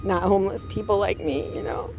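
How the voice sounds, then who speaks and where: A woman's voice: medium pitch, brisk, a little mellow, faint music behind. A woman vlogging from a parked vehicle in a resort parking area, overwhelmed and anxious, rambling and jumping from topic to topic. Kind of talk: candid personal vlog.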